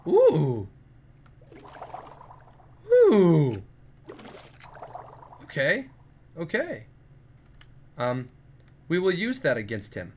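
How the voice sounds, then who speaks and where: A man commenting on his gameplay, jumpy and excitable, yelping and making sound effects in fights. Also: on the high side, takes it slowly, pauses often, a little hiss or hum. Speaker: let's play gamer.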